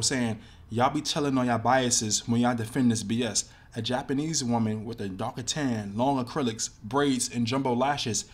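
A man hosting a casual commentary video, talking loosely and thinking aloud with lots of fillers. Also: mid-range voice. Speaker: commentary host.

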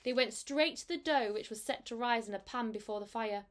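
A woman's voice: a little high, a little fast. Woman teacher reading a storybook aloud.

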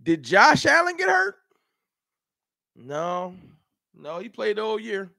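High-pitched, fired-up fan show host. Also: male voice, wildly swooping pitch, slow pace, vocal fry, pushed and bright, no echo, studio quality. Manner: heated, rhetorical, talks straight to chat. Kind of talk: animated live-stream sports rant.

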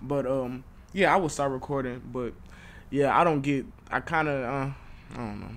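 A man's voice: medium pitch, moderate pace, fairly bright tone. A young man hosting a reaction video, joking bluntly and swearing in casual commentary. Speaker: YouTube reaction host.

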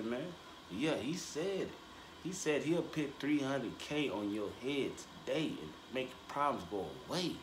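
A man giving casual reaction commentary, drawling and repeating himself, his voice jumping high for emphasis. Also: unhurried, reverberant, a little hiss or hum. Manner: animated, drawling, repetitive, voice jumps high for emphasis. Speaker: commentary host.

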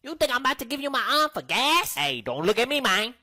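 A woman's voice: fairly high pitch, sing-song, fast talker, bright, forceful tone, no echo, clean studio sound. A woman acting out comedy sketches in a slangy, brash and playfully bossy way. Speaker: sketch comedian playing several parts.

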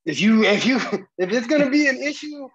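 A man's voice: very high voice, lively intonation, moderate pace, a bit bright, dull audio. A man co-hosting a podcast, blunt and joking in casual chat, laughing often. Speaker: podcast co-host.

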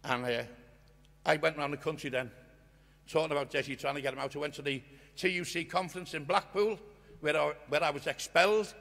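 An older man giving an impassioned storytelling speech at a union conference, earnest and swinging from hushed to loud. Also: fairly high pitch, a little fast, vocal fry. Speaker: guest speaker at a union conference. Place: conference hall. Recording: long reverb of a conference hall.

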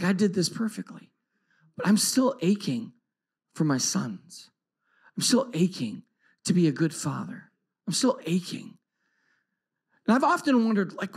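Man, middle-aged, high voice, storytelling talk, loud then hushed. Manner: animated, swings from loud outbursts to hushed tones. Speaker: conference speaker. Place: retreat conference talk.

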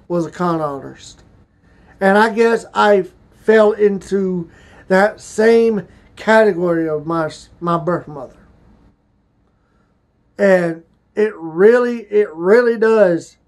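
Slow, halting high-voiced man. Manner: slow, halting and emotional, with restarts. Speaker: vlogger. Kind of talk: personal confessional vlog.

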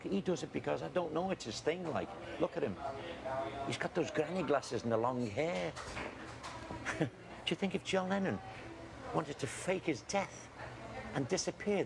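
An actor playing a defensive middle-aged farmer with a Liverpool accent who keeps calling people mate. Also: male voice, on the high side, gravelly. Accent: Liverpool (Scouse). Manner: blustering, animated, calls people mate. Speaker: farmer, cousin of a lookalike. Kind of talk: film acting. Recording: film audio with background noise.

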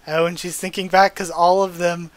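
A young man reads a comic aloud to his channel and stops often to react. His voice sits fairly high for a man, and he talks in an animated, openly emotional way. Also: normal speed. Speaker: channel host reading a comic.

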